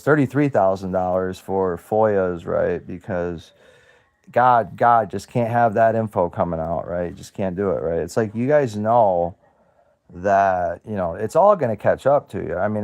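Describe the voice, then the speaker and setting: A man's voice: on the low side, darkish tone. A man in his thirties from the United States, ranting to camera, profane and sarcastic, often repeating himself and trailing off. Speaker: self-represented litigant. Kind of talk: angry direct-to-camera rant.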